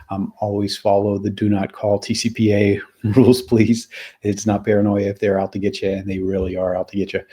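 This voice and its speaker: A man hosts a podcast interview, with a husky, mellow voice that sits fairly low. He talks casually and hesitantly, with plenty of fillers. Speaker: podcast host.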